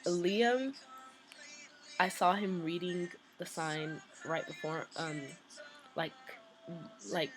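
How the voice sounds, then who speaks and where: A woman vlogger casually telling a story, chatty and excited, with lots of "like" and "um" fillers. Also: low voice, poor audio.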